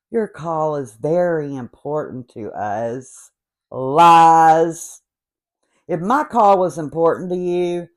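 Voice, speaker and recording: Fifty-something lady with an accent doing a slow sarcastic comedy rant, exasperated. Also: on the low side, a little mellow. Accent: noticeable regional accent. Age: 50s. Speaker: host.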